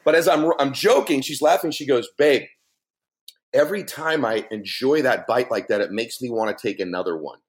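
A man's voice: mid-range voice, moderate pace. A middle-aged man, a podcast guest, telling a story in an emphatic, joking way. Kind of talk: animated storytelling.

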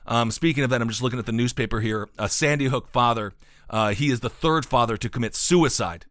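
A man's voice: medium pitch, a little fast, fairly bright tone, no room sound, studio quality. A man hosting a casual podcast chat, talking in a sarcastic, cynical way. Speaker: podcast host.

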